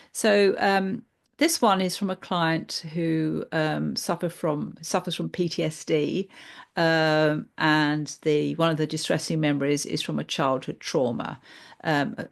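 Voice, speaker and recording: A woman therapist explaining a therapy technique through examples, in a measured, hesitant way with many fillers. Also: deep voice, gravelly.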